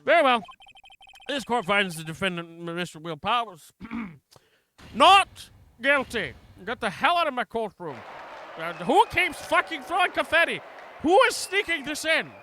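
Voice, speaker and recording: A streamer putting on a blustering old judge who bellows and huffs in exasperation. The voice is high and bright, pushed loud in a courtroom video game. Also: male voice, a little hiss or hum.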